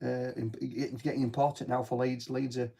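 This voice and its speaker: A middle-aged man from Barnsley with a broad Yorkshire accent, chatting on local radio. He talks in a jokey, easygoing way at an ordinary pitch for a man, full of banter and dialect. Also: little pitch movement, normal speed, gravelly, mellow, slightly rough. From Barnsley, England. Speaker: radio co-host. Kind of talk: casual radio chat.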